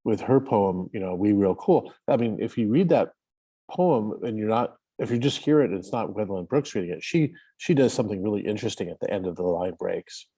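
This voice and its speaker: A man in casual discussion on a video call, talking in a hesitant, halting way with many fillers. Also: on the low side, lively intonation, warm tone, breathy edge. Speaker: roundtable participant.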